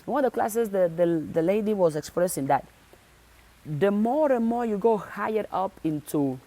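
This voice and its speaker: A woman's voice: mid-range voice, expressive, moderate pace, dark tone. A woman motivational speaker talking to her viewers, insistent and direct, driving points home by repeating phrases over and over. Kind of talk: motivational talk.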